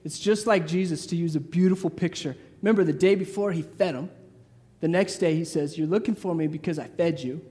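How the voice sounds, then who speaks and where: A man delivers a sermon in a high voice. He talks casually and acts out the voices of the people in the story. His words carry a long echo from a large hall. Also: fairly quick. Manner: lively, acts out crowd voices, casual asides. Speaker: preacher.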